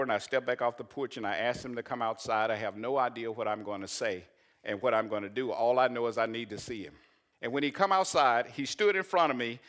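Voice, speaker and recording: A man, a pastor preaching and telling a personal story, rising to loud emphatic peaks. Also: mid-range voice. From Arkansas. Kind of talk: sermon.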